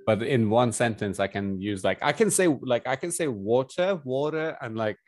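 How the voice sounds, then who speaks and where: Lowish in pitch and moderate in pace, this young personal trainer from India speaks with a mix of Indian and British accents. He rambles in an animated, casual chat, chuckling a lot, over some background noise.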